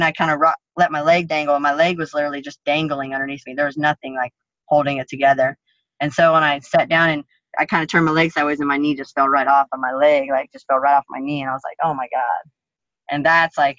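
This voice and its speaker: A woman tells her story bluntly and profanely, with a lot of animation. Her voice is bright and forward. The recording is dry and a little dull. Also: deep voice, no room sound. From United States. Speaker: interview guest, MMA fighter. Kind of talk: casual storytelling interview.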